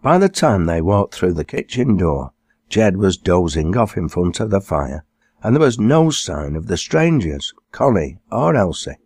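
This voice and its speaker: A man with a very deep voice narrates his own novel with lively, expressive storytelling. The close, dry recording has no room sound. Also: a little slow, husky, no room sound. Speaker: author narrating his book. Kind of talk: audiobook narration.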